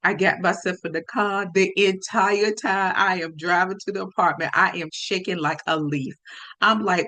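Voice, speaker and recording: Lively woman telling a story. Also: on the low side, normal speed. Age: adult. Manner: lively, speaks straight to listeners. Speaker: podcast storyteller. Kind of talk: storytelling podcast.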